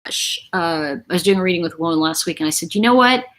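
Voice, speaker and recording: A woman's voice: fairly low pitch, lively intonation, fast, fairly bright tone. A middle-aged woman hosting a casual live chat, talking in a rambling, chatty way to her viewers. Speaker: livestream host.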